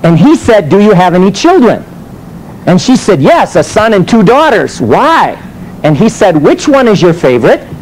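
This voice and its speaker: Minister teaching a sermon, animated and questioning, higher voice with lots of swing. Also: male voice, moderate pace, slight background noise, poor audio. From United States. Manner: animated storytelling with rhetorical questions.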